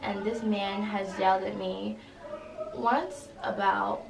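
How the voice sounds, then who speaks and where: A young woman, a college student, recounting an incident in an interview, halting and full of fillers. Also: medium pitch, steady tone, vocal fry. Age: young adult. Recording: roomy echo, distant mic, faint noise.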